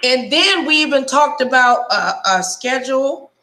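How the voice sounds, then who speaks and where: A woman hosting a casual live stream, telling stories in an animated, blunt way and swearing freely. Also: high-pitched, measured pace, reverberant, low-quality recording.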